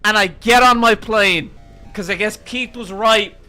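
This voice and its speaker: A man's voice: high-pitched, measured pace, pushed and bright, faint music behind. A young man streaming, telling a rambling, profane story to his chat in an exasperated way.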